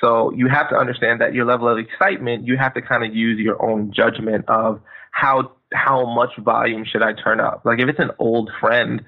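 A man's voice: medium pitch, level tone, moderate pace. A man speaking as a podcast guest, giving emphatic motivational advice and acting out phone greetings. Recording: tinny phone line.

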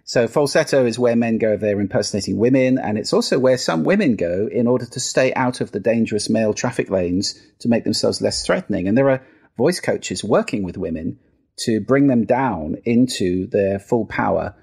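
A man's voice: lively intonation, normal speed, vocal fry, a little mellow, husky. A middle-aged man from the UK, a guest on an interview show, explaining voice and listening with demonstrations. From United Kingdom. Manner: demonstrative, plays with pitch and register while explaining. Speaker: guest, sound and listening expert. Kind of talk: podcast interview.

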